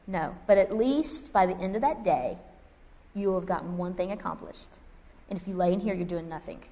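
A woman voicing her patient husband as he calmly coaxes her with questions, in a reverberant hall. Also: lowish voice, brisk, close to an everyday voice. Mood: reasoning. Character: patient, gently coaxing husband.

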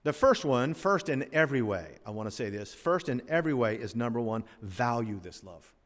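Sounding preacher in a reverberant church. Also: male voice, mid-range voice, expressive, moderate pace. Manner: conversational preaching with asides and humor. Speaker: pastor. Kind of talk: sermon. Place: church sanctuary. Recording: long hall reverb.

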